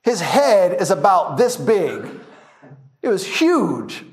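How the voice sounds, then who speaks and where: A man's voice: sits high, takes it slowly. A man teaching a verse-by-verse Bible class, telling funny stories with frequent laughter. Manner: laughing storyteller, animated anecdotes.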